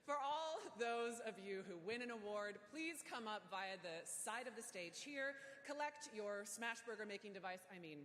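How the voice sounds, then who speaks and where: A woman's voice: a little high, lively intonation, moderate pace, hardly any pauses, fairly bright tone, slight background noise. Playful woman hosting an awards stage. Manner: playful, self-mocking, teasing. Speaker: awards show host. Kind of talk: jokey live stage hosting. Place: large event hall stage. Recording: long reverb of a big event hall.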